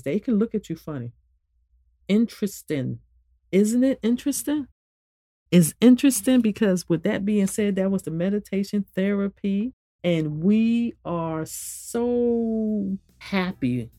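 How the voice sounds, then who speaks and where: A woman's voice: lively intonation, moderate pace, mellow, no room sound. Dry-voiced woman giving spiritual advice. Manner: conversational, repeats phrases, swings from low to high emphasis. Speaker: meditation therapist. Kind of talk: spoken motivational teaching.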